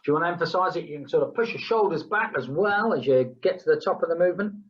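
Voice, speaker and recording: A woman's voice: on the low side, animated, fast, dull audio. Chatty fitness instructor woman. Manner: chatty, counts down, hums playful sounds. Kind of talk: leading a group exercise class.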